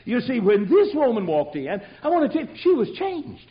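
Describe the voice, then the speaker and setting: A man preaching an animated sermon, telling the story in a folksy way and swinging from loud to hushed. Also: very high-pitched, moderate pace. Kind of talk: animated sermon with acted-out voices. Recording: dull lo-fi sermon recording.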